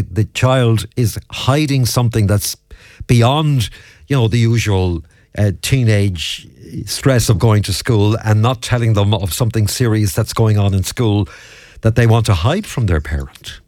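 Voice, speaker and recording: A man hosting a podcast, asking questions in a halting way. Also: fairly low pitch, expressive, a little mellow, no echo, clean studio sound. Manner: halting, many fillers and restarts. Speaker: podcast host. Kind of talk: podcast interview.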